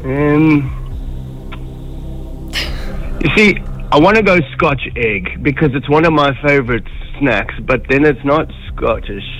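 A man's voice: mid-range voice, slow, long pauses, a bit bright, lo-fi sound. An Irish man calling a radio show, thinking aloud hesitantly over the phone. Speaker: caller. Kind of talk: phone-in quiz answers. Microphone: phone line.

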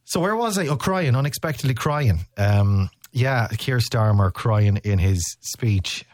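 Radio guy rambling and teasing, pitch jumps all over. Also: lively intonation, unhurried, dry recording, studio quality. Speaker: radio host. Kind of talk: casual radio chat. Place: radio studio.

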